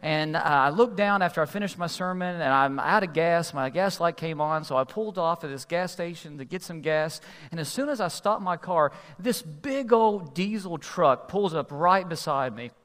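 A man's voice: on the high side, expressive, normal speed, few pauses, a bit bright. A male pastor preaching a sermon in a conversational, storytelling way with humor, heard in an echoey hall.

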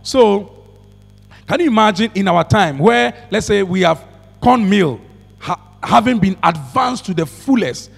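A man's voice: high-pitched, lively intonation, measured pace, gravelly, breathy edge, big-room sound, soft background music. A male pastor preaching a sermon to a congregation, calling for responses and repeating hallelujah. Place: church.

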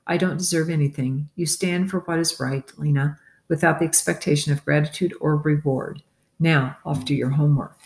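A reader voicing a calm, principled father. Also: mid-range voice, normal speed, lightly acted. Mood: gently firm. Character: gentle principled father, middle-aged man. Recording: roomy echo.

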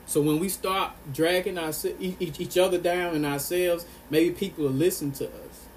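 A male vlogger with a slightly high, steady voice speaks at a moderate pace in an earnest, impassioned monologue to his viewers. He presses his points and repeats phrases for emphasis, with a little hiss or hum in the background.

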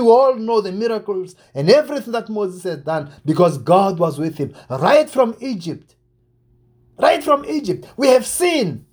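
A man preaching a sermon, exhorting his listeners with repeated phrases and swings between emphatic and softer delivery. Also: very high voice. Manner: repetitive, exhorting, rising and falling emphasis.

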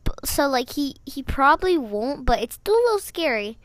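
A woman's voice: high voice, very animated, moderate pace, no echo. A woman co-hosting a casual sports podcast, playful and giggly, a bit hesitant. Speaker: podcast co-host.

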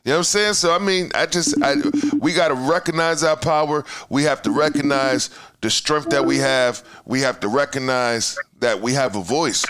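A man hosting a podcast, talking heatedly in casual chat, swearing freely and swinging between loud outbursts and mutters. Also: mid-range voice, normal speed, smooth. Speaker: podcast host.

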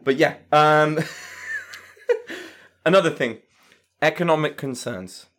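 A man's voice: fairly high pitch, slow pace. A man casually chatting about a film as a podcast co-host, swearing and acting out quotes. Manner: animated, swearing, acts out quotes. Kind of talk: casual film review chat.

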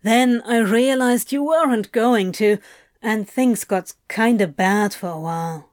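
A woman's voice: a little high, unhurried, no echo, studio quality, natural voice. A woman voicing a blunt, lovesick man who speaks earnestly and pleads. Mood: pleading.

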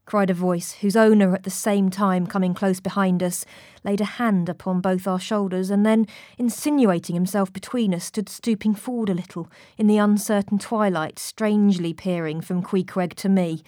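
A woman narrating a classic novel for an audiobook in a measured, literary way, recorded in a studio. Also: medium pitch, steady tone, dark tone, no room sound. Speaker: audiobook reader. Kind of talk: scripted narration. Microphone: studio mic.

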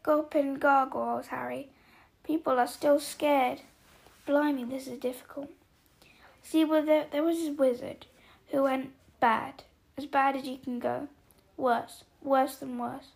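A woman voicing a gruff giant man who is kindly but quick-tempered, with booming outbursts and folksy slang, in an audiobook reading. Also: fairly even intonation. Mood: hesitant.

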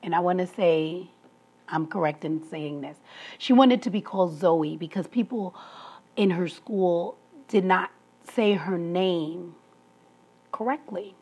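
A woman's voice: on the low side, takes it slowly, a little mellow, breathy edge. A woman talking through a personal story in an emphatic monologue, laughing between her points. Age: adult, past school age.

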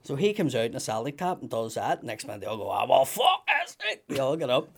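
A man's voice: medium pitch, quick pace. A man, a comedian telling stories in casual chat and acting out other people's voices. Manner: animated anecdotes, acts out voices loudly.

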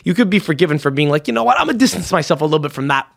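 A man's voice: on the high side, very animated, creaky, fairly bright tone. A man hosting a podcast, telling rambling, profane stories about open mics in a casual chat. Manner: rapid, rambling, profane storytelling. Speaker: podcast host.

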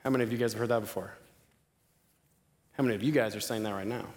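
A man's voice: fairly low pitch, fast talker. Young man preaching in a big echoey hall. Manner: lively, asks the crowd questions. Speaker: campus ministry speaker. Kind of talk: sermon. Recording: long hall reverb.

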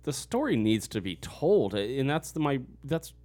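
A man co-hosting a casual movie review podcast, talking in a measured way as he lays out his points one by one. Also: medium pitch, very animated, darkish tone. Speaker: podcast co-host.

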